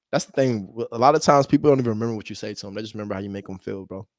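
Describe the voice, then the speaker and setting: A man's voice: lowish voice, quick pace, no echo, clean studio sound. A young American man who wholesales real estate, chatting casually between cold calls, laid-back and slangy, laughing often and calling viewers "bro". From United States. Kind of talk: casual vlog talk between phone calls.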